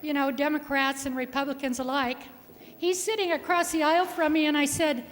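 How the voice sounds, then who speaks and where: A woman senator delivers her farewell from a podium, her voice notably high as she strings together folksy stories and soft chuckles. Her words hang in the long reverb of a big legislative chamber. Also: little pitch movement, brisk. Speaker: state senator. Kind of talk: farewell speech.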